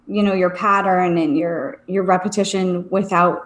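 A woman's voice: fairly low pitch, moderate pace. A woman in her thirties co-hosting a casual podcast chat, laughing at herself and acting out what people said. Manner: expressive, laughs at herself, acts out quotes. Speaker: podcast co-host. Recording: roomy echo.

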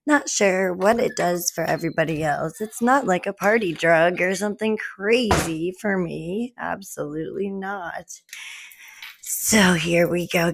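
A young woman hosting a casual livestream from home, greeting viewers by name with slow, drawn-out, giggly chatter into her phone. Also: fairly low pitch, creaky, a little hiss or hum. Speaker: livestream host.

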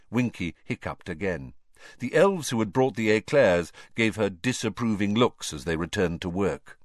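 A man reading a novel aloud as an audiobook, very expressive and acting out every character. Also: fairly low pitch, moderate pace, no room sound, studio quality. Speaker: audiobook reader. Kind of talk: scripted audiobook narration.

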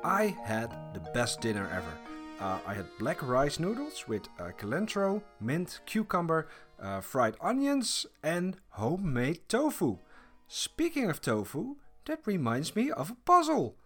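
Lively man chatting about games. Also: on the high side, measured pace, faint music behind. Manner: animated, laughs often, many restarts. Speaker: podcast co-host. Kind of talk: casual chat about video games.

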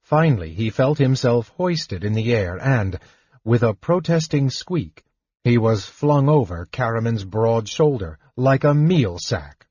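A man narrating a fantasy audiobook in a measured, expressive storytelling manner. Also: mid-range voice, breathy edge, no echo. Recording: dull lo-fi dry recording.

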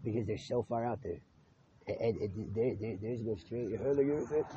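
A man's voice: on the low side, fast talker. A man in a rambling spoken monologue who repeats words, restarts often and swears freely. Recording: muffled lo-fi with clear background noise.

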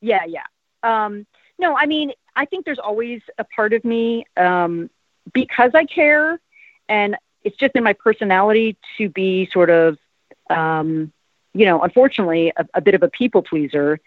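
Speaking expressively in a mid-range voice at a moderate pace, this fifties-aged actress from South Jersey, USA, wanders through a casual interview full of "like" and "um." There's no room sound, and the audio is dry, tinny, and phone-like.

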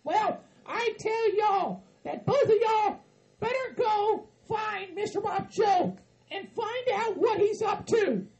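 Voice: very high voice, animated, takes it slowly, a little mellow, heavily acted, poor audio. A performer voicing a bossy, fed-up hillbilly woman with a Southern drawl in a comedy skit. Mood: commanding.

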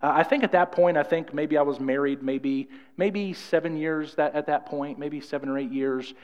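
Preacher guy, pretty high voice, stumbles and repeats himself a lot, muffled lo-fi sound in a big echoey church. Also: steady tone, normal speed, darkish tone, clean tone. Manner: rambling, repeats words and restarts often. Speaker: pastor. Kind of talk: sermon. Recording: reverberant church hall, dull lo-fi sound.

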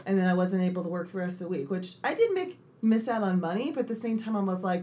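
A young woman co-hosting a casual chat, telling animated stories, swearing freely and acting out the people she quotes. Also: medium pitch, brisk, few pauses. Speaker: podcast co-host.

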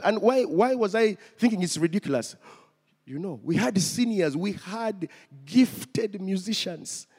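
A man's voice: sits high, mellow. A man preaching a testimony sermon, telling his story and speaking directly to the congregation. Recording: long hall reverb.

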